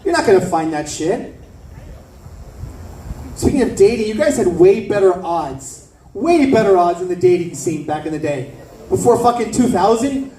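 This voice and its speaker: A man from South Florida doing a stand-up comedy set, riffing brashly and profanely with quick asides to the crowd. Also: high voice, animated, warm tone, roomy sound, recorded from a distance, a little hiss or hum, rough recording. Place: comedy club stage.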